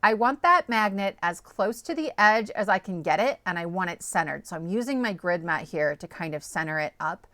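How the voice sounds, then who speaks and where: A woman's voice: on the low side, lively intonation, moderate pace, hardly any pauses, sharp tone, no room sound. A woman host walking viewers through a card-making project, chatty and upbeat, often checking in with "okay?" and "right?". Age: adult, parent of small children. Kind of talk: step-by-step crafting tutorial.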